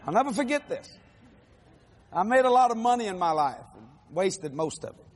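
A man in his sixties preaching a testimony sermon, telling his story in a lively, animated way and acting out the voices of others, with casual folksy grammar. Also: high voice, normal speed, long reverb tail. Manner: animated storytelling, acts out quotes.

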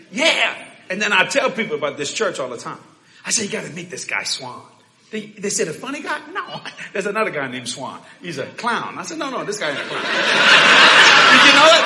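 A man preaching a sermon in a church, shouting, laughing and talking fast in bursts. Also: high voice. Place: church hall with congregation. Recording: echoey church hall.

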